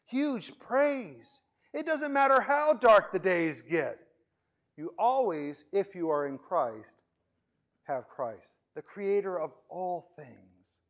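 A man preaching a sermon and reading scripture aloud, earnest and pleading, his voice swinging between loud outbursts and hushed low passages, with stammered restarts.

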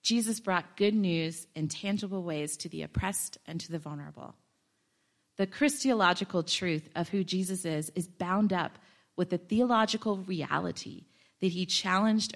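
Woman giving a sermon, kinda low voice, chatty and joking in between. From Ohio, United States. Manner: conversational, self-deprecating asides. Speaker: preacher.

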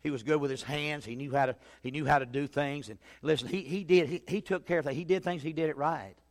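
A man preaching a sermon as a pastor, telling a story that swings from loud urgency to hushed quiet. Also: a little high, quick pace. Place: church sanctuary. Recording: long hall reverb.

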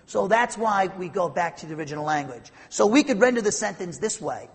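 A man with a high, slightly husky voice teaches a Bible passage verse by verse, emphatic and explanatory, often breaking off and restarting his sentences. He sounds like he is speaking in a large hall with a long reverb trailing behind him. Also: expressive, brisk.

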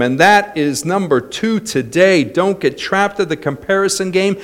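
A man with a slightly high voice preaching a sermon. He tells stories at a conversational pace, then rises to loud, ringing exclamations. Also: moderate pace, few pauses. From United States. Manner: storytelling, building to loud exclamations. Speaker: pastor.

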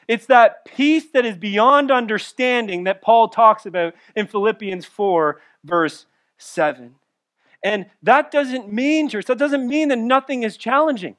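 A male pastor delivering a sermon, swinging from loud emphatic lines to soft, intimate asides. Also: extremely high pitch, unhurried.

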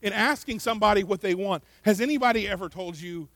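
A man delivers a sermon with a high voice, close to the mic in a dry space. He is earnest, often repeats words, and swings between loud emphasis and quiet asides. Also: fast talker, dry recording. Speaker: pastor.

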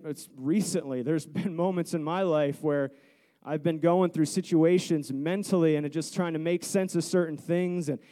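A man's voice: high-pitched, a little mellow. A man in his thirties preaching a sermon, earnest and repetitive, building to fervent pleas. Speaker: pastor.

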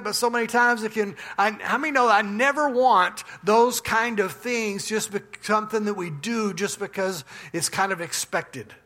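A man preaching as pastor, in a relaxed storytelling manner with restarts and asides. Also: high-pitched. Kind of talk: sermon with a told joke. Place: church.

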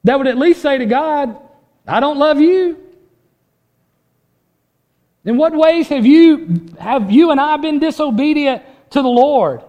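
Man, pastor, sermon, high pitch, earnest, loud emphasis then hushed, repeated restarts. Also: animated, a little slow, long pauses, highs cut off. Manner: repeats words when restarting.

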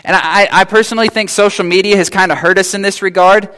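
A man's voice: high voice, fairly even intonation, quick pace, pushed and bright. A man preaching a sermon in a conversational way, retelling scripture and acting out the people in it in casual voices. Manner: conversational, acts out biblical figures in casual voices. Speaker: pastor.

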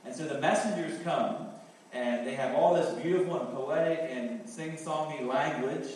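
A man's voice: mid-range voice, a little mellow, slight background noise. A man preaching a sermon in an earnest way, repeating key phrases and thinking aloud with fillers. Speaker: pastor. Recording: very echoey hall, heard from a distance.

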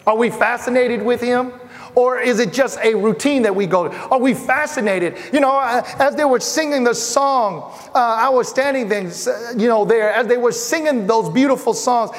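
High-voiced preacher in a reverberant hall. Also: male voice, moderate pace. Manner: rising to emphatic lists, dropping soft and low for stories. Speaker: pastor. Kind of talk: sermon.

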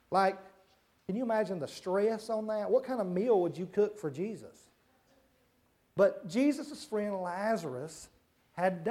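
A man giving a children's sermon, asking the kids simple questions and hushing them as he goes. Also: sits high. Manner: hushes and redirects children mid-talk. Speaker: children's church leader.

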